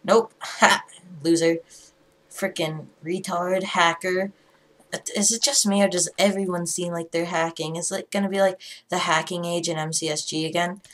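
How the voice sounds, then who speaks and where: A woman commentating live on her own gameplay, excitable and frantic, repeating herself when things get tense. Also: lowish voice, normal speed. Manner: excitable, frantic, repeats phrases under pressure. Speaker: gaming commentator.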